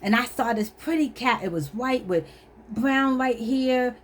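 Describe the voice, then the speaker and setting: A woman tells a personal story to camera in an animated, emphatic way. Her voice sits fairly high for a woman, and she laughs at herself as she goes. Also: measured pace, a little hiss or hum. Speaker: vlogger. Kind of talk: storytelling testimony.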